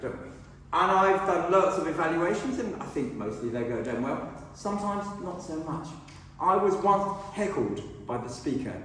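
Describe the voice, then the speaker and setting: Animated Englishman in an echoey hall. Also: fairly high pitch, distant mic, slight background noise. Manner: animated self-deprecating storytelling. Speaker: club speaker. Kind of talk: humorous prepared speech.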